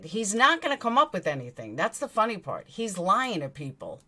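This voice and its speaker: Woman, New York accent, livestream host, blunt and indignant, lively pitch, bright tone. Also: moderate pace. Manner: indignant, blunt, swears freely. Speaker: true crime commentary host. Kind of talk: livestream commentary, reading chat.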